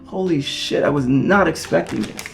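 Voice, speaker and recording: A man hosting a casual vlog as he unboxes vinyl records, excitable and gushing, swearing often. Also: a little high, moderate pace, gravelly, soft background music.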